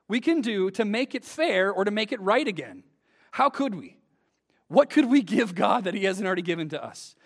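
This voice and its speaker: A man's voice: high voice, a bit bright. A man preaching an earnest sermon to a congregation, building to emphatic peaks.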